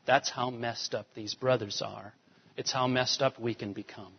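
A male pastor giving an animated sermon, swinging between soft, quiet lines and emphatic rises. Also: medium pitch, normal speed, vocal fry, breathy edge. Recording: dull sound with long hall reverb.

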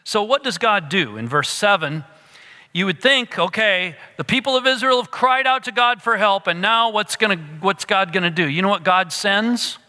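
A man preaching a sermon, animated at times and dropping to a hush for emphasis. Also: high-pitched, normal speed, long reverb tail. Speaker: pastor.

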